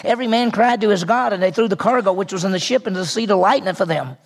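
A man's voice: high-pitched, very fast. A man preaching a sermon, retelling a scripture story with acted-out voices and rhetorical questions. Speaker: pastor.

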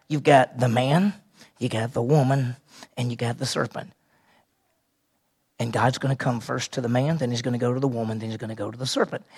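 Gravelly, husky preacher man. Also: medium pitch. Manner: asks the audience questions and answers them, repeats key phrases. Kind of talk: sermon teaching.

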